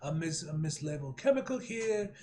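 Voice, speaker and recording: Haughty, menacing lady scientist, put on by a man, high and sing-song, a bit halting. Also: sing-song, dark tone. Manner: haughty, drawn-out threats with halting reading slips. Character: imperious older woman scientist, cold and menacing.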